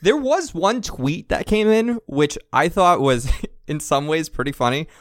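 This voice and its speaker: A man's voice: on the high side, animated, a little slow, dry recording, clean studio sound. A man co-hosting a podcast, chatting casually and wryly reading out listener messages. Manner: wry, joking, reads listener messages aloud. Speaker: podcast co-host.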